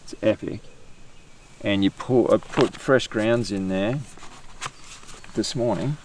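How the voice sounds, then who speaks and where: A man's voice: lowish voice, slow, darkish tone, slight background noise. An Australian man hosting an outdoor podcast, chatting casually and rambling with fillers and restarts. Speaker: podcast host.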